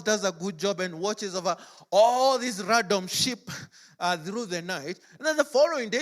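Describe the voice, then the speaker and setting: A man's voice: high-pitched, a bit bright. A man preaching a sermon in a church, telling stories in a chatty way full of "like" and "as it were". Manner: chatty storytelling, frequent "like" and "as it were". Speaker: pastor.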